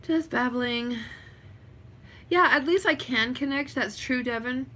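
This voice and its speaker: A woman's voice: high voice, normal speed, bright, forceful tone. A woman chatting casually on a home livestream, rambling with lots of fillers. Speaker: vlogger.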